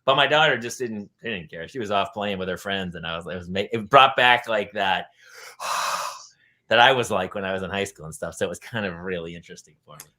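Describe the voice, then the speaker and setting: A middle-aged man hosting a casual panel chat, telling stories and jumping into loud, high voices when he quotes people. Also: a little fast. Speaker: host.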